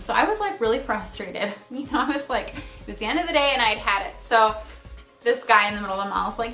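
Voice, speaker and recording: A woman's voice: a little high, fast, bright, forceful tone, roomy sound, soft background music. A woman in her thirties, a beauty vlogger chatting casually about her skincare routine in a rambling way, with many fillers and asides. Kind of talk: casual chatty product review.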